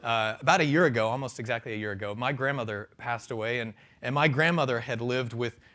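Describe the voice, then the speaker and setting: A man delivers a conference keynote in a relaxed, friendly way, often restarting sentences and adding fillers. His voice sits at a middle pitch, and he speaks on a microphone in a conference hall. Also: fast. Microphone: handheld or stand microphone.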